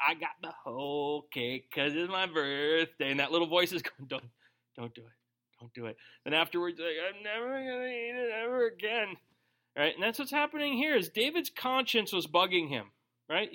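A pastor with a high, sharp-toned voice preaches a conversational sermon through a Bible passage, cracking jokes and briefly acting out quoted voices as he teaches.

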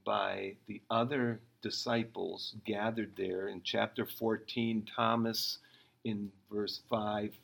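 A man's voice: fairly low pitch, creaky, a bit bright, low-quality recording. A man preaching an expository sermon in a conversational way, acting out the lines he quotes.

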